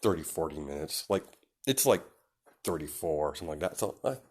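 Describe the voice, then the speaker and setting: A man's voice: extremely low pitch, lively intonation, a little fast, darkish tone, husky. A man casually telling an improvised story, rambling and filling his speech with "you know" and "um".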